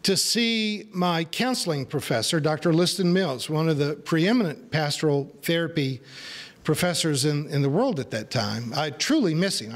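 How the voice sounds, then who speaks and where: A male pastor giving a sermon in a conversational, storytelling way, with self-deprecating humor. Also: fairly high pitch.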